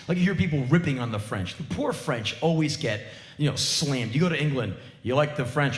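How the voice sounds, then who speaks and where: An American man in his forties giving a live spoken word monologue on a theater stage, ranting intensely and profanely in rapid bursts. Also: on the high side, animated. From United States. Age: 40s. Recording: roomy live theater recording.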